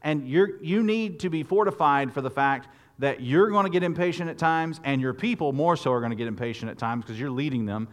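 A man preaching a sermon, lively and expressive, often repeating words and restarting phrases as he talks. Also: fairly quick, hardly any pauses. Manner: expressive preaching, rising loud and high when quoting Moses. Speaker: pastor.

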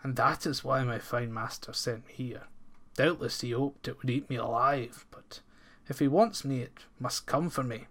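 A man's voice: mid-range voice, moderate pace, fairly bright tone, natural voice. A man voicing a big, fearless young farmhand who speaks bluntly in old-fashioned thee and thou speech. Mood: calm.

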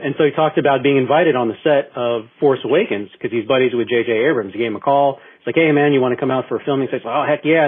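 A man co-hosting a casual internet radio talk show, telling a long story that he keeps restarting and filling with ums. His voice is husky and sits at an average pitch. The sound is thin and phone-like. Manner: rambling storyteller with many restarts and fillers. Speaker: podcast co-host. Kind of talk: casual chat.

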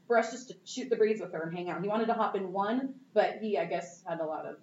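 A young woman telling a story in a bubbly, animated way, full of "like"s. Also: mid-range voice, fast. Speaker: cosplayer guest. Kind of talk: casual storytelling. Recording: echoey, dull, distant mic with faint noise.

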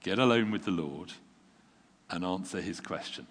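A man with a low voice delivers a sermon in an easy, self-deprecating way, as if talking with friends. He sounds worn out but steady. A long hall reverb trails his words. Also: moderate pace, pauses often, slightly rough. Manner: conversational, self-deprecating, with chuckles and restarts. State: tired. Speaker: preacher.

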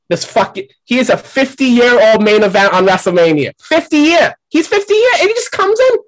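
A man voicing a brash, foul-mouthed male wrestling pundit who rants profanely and yells at people off-mic in a comedic segment. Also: very high-pitched, heavily acted, rough recording. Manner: profane ranting, yelling off-mic at neighbors.

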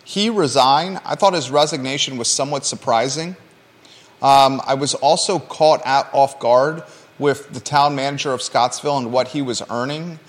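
A man's voice: mid-range voice, moderate pace, in a large hall. A man hosting a local talk show, reading news items and then bantering playfully with his co-host with lots of teasing questions.

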